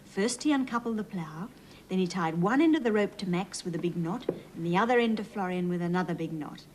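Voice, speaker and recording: An Australian woman hosting a children's TV show, reading a storybook aloud and talking gently to young viewers in a sing-song way. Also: on the low side, animated, fairly quick, slight background noise, rough recording. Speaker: children's TV host.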